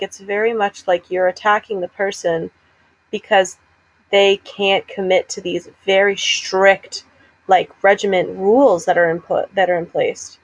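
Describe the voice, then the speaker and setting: A woman's voice: medium pitch, low-quality recording. A woman co-hosting a casual chat, talking in an emphatic, opinionated way full of "like.". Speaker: podcast co-host.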